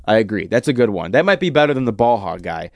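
A man's voice: on the low side, sing-song, fast, dry recording, studio quality. Rambling man ranting in casual chat. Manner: ranting, heavy use of "like", frequent restarts.

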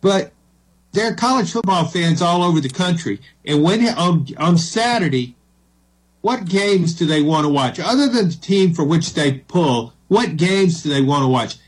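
A male radio co-host with a husky, slightly raised voice who keeps pressing his argument. He sounds persistent and engaged in the back-and-forth of a sports debate. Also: on the high side, animated, normal speed, rough recording. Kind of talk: call-in sports talk radio.

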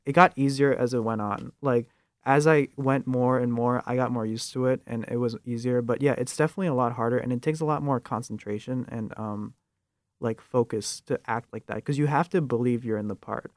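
A young man speaks in casual panel talk, halting and hesitant, with a ready laugh. His voice sits mid-range and sounds dry and close. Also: medium pitch, steady tone, no echo. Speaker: student actor.

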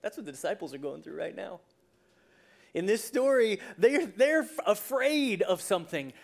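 Animated conversational preacher. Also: mid-range voice, normal speed, gravelly. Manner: animated storyteller who acts out scenes; conversational, with restarts and asides. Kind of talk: sermon.

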